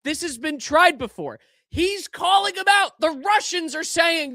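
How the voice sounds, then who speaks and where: A young man hosting a podcast, giving casual political commentary in an animated, incredulous way that keeps trailing off and restarting. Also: very high-pitched, unhurried, dry recording, clean studio sound. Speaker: podcast host.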